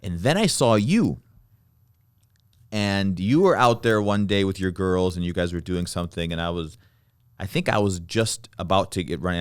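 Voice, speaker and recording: A middle-aged man hosting a podcast, telling a casual anecdote with animated energy and frequent laughter. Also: low voice, moderate pace, clear, resonant tone, dry recording, clean studio sound. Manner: animated, laughs through his own anecdotes. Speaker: podcast host. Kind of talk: casual storytelling chat.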